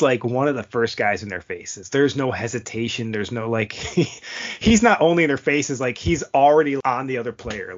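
A man co-hosting a hockey podcast in casual chat, rambling and animated, laughing at his own stumbles. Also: mid-range voice. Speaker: podcast co-host. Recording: dull lo-fi audio.

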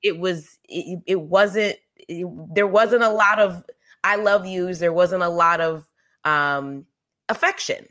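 A woman's voice: lowish voice, slow pace, fairly bright tone. A woman co-hosting a podcast, sharing personal stories in an emphatic, candid way with frequent restarts. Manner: emphatic, storytelling with many restarts. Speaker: podcast co-host. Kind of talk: candid conversational chat.

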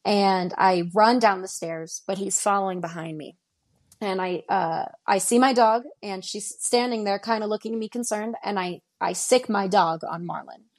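A woman's voice: medium pitch, moderate pace. A woman in her twenties from Denver, a podcast guest recounting a personal story in present tense and acting out what people said. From Denver, Colorado. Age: 20s. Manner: tells events in present tense, acting out dialogue.

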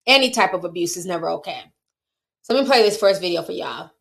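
A woman's voice: fairly low pitch, animated, fast talker, creaky, a bit bright. A woman giving chatty, opinionated commentary on celebrity news, speaking straight to her viewers. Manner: chatty, opinionated, laughs and teases. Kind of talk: casual commentary.

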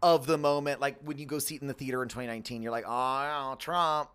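A man's voice: mid-range voice, steady tone, rapid-fire. A man co-hosting a podcast in playful, casual chat, full of "like" fillers. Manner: chatty, lots of "like" fillers, playful. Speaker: podcast co-host.

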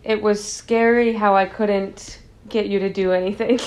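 A woman's voice: medium pitch, fairly even intonation, measured pace, a little mellow. Self-mocking young woman in casual chat.

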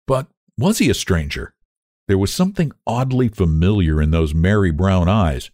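A man narrating a storybook in an expressive reading voice. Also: low voice, moderate pace, dry recording, studio quality. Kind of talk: audiobook reading.

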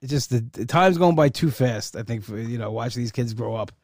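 A man's voice: mid-range voice, fairly quick, no echo. Rambling man, dry close sound. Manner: rambling, many fillers and restarts; heartfelt, proud. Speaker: uncle and godfather. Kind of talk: casual personal monologue.

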